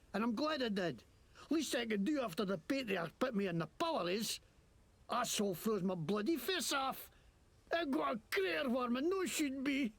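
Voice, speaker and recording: A gravelly fake-Scottish wasteland crook. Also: male voice, extremely high pitch, fairly bright tone, no echo, exaggerated voice. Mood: grumbling. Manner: crude, ranting, self-pitying. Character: grudge-holding noseless male wasteland crook. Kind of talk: video game voice acting.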